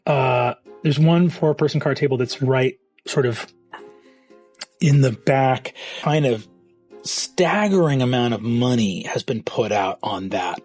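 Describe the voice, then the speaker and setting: A man narrating a tabletop game as game master, animated and often laughing. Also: medium pitch, a little slow, slightly rough, soft background music.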